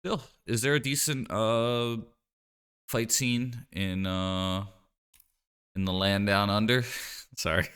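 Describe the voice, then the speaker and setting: Low, unhurried male streamer, rambling jokily. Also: fairly even intonation, a bit bright, smooth. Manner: rambling and joking, lots of "like" and "you know". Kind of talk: casual live-stream chat while playing a card game.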